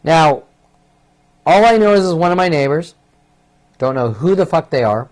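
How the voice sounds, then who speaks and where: A man's voice: fairly high pitch, lively intonation, normal speed. Agitated man in a rambling monologue. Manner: agitated, profane, repetitive. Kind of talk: rambling solo monologue to camera.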